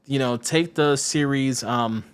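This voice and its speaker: A man co-hosting a casual sports podcast, talking at an ordinary middle pitch. He rambles through his points, restarts his sentences, turns sarcastic and stops to hunt for names. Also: unhurried, clean tone. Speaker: podcast co-host.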